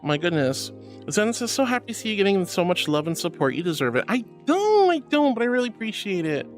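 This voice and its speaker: A woman's voice: medium pitch, sing-song, brisk, soft background music. A woman streamer in a casual live-stream chat, bubbly and affectionate, reading chat messages aloud and calling viewers sweetie and honey.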